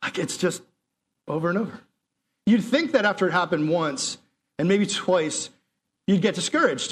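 A man, a pastor, preaching a sermon and telling a story, animated and acting out quotes with a raised voice. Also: sits high, moderate pace, long pauses.

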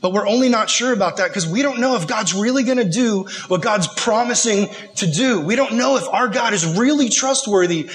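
A man preaching in a casual, slangy style, retelling a story with lively animation. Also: high-pitched, fairly quick, hardly any pauses, slight background noise, poor audio.

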